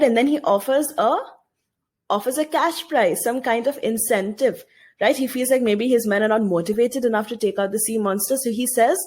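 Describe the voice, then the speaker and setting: Husky-voiced woman teaching a recorded lesson. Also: mid-range voice. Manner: explanatory, asks students rhetorical questions. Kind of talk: recorded video lesson, reading and explaining a story.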